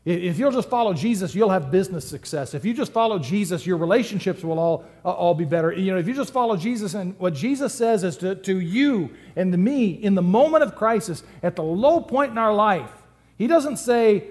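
Joking, lively male preacher. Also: sits high, fairly quick. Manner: humorous, conversational, lively swings in loudness. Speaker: pastor. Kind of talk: sermon.

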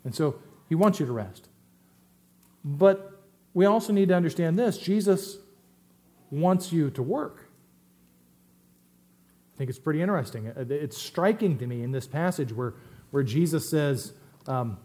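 A middle-aged man preaching a sermon as pastor, swinging between loud emphatic stresses and quiet asides. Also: fairly high pitch, animated, a little slow, pauses often.

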